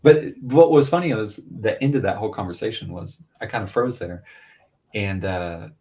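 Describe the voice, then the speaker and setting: A father in his thirties, co-hosting a podcast, rambles through a long story in casual chat, raising his voice whenever he quotes others. His voice is fairly low and darkish, at a moderate pace.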